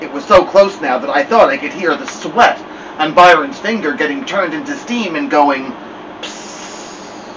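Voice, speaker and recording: A man reading a children's novel aloud with expressive storytelling. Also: fairly high pitch, normal speed, far from the mic, lo-fi sound, slight background noise. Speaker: storybook reader.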